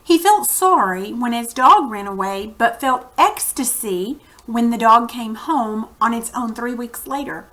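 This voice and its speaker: A woman teacher reads a story aloud to her students, pausing to explain words and set up the lesson. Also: a little high, expressive, fairly bright tone. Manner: slow, careful, explanatory teacher talk.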